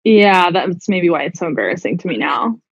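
Brief: woman co-host, mid pitch, rambly casual chat, muffled dry recording. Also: sing-song, a little fast, slightly rough, dry recording. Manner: rambling, many fillers and restarts. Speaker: podcast co-host.

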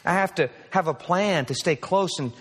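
A man's voice: sits high, normal speed, fairly bright tone, slightly rough. A pastor in his forties preaching an earnest, story-driven sermon. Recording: played sermon recording with long reverb.

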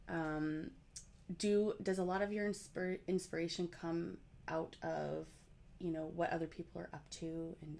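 Middle-aged woman co-host, lowish gravelly voice, blunt and chatty. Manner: blunt, chatty, trails off quietly. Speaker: podcast co-host. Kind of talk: casual podcast chat.

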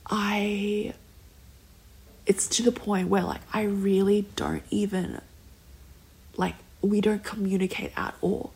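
A young woman telling a long personal story in a casual, rambling way, full of "like" fillers and slipping into soft whispers. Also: mid-range voice, animated, slow pace, pauses often, slightly rough.

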